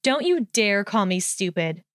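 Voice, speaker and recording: A woman voicing a sharp-tongued, haughty young witch in a storybook reading, speaking crisply and cuttingly. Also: medium pitch, very animated, unhurried, no room sound, clean studio sound. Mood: defiant.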